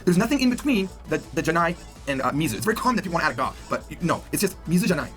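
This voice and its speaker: A man teaching a video language lesson, animated and jokey, acting out example lines as he explains. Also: on the high side, rapid-fire, soft background music.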